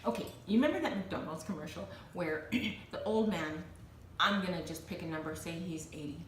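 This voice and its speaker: A woman's voice: on the low side, moderate pace, recorded from a distance. Chatty woman in an echoey, noisy room. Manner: chatty, laughing, animated storyteller. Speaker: co-host. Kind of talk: casual chat.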